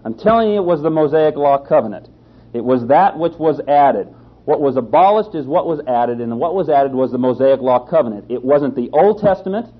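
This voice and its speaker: A man's voice: mid-range voice, lively intonation, brisk. A man teaching a sermon on scripture, who speaks emphatically, repeats his key phrases and asks rhetorical questions. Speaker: Bible teacher. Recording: slightly dull lo-fi sound.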